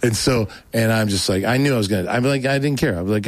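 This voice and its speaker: A man's voice: medium pitch, a little fast, dry recording. A man as a show guest, telling a rambling personal story in casual talk, acting out what people said. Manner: rambling, animated, acts out quoted voices.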